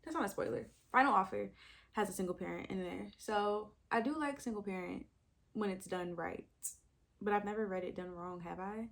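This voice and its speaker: A woman's voice: mid-range voice, moderate pace, gravelly, fairly bright tone. A young woman, talking casually to the camera as a book vlogger, thinking aloud with sudden exclamations. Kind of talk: casual chat.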